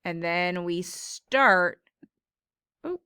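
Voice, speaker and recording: A woman's voice: on the low side, animated, sharp tone, clear, resonant tone, no echo, studio quality. A woman teacher patiently explaining syllable patterns in a classroom phonics lesson. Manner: slow, patient explaining with drawn-out words.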